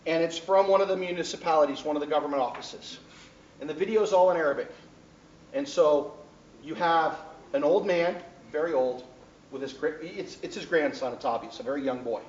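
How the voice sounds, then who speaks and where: A man's voice: on the high side, fairly quick, a little mellow, distant mic, a little hiss or hum. A man teaching a class, telling a story and often checking in with his students. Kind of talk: classroom lecture. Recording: echoey classroom taped from afar, dull.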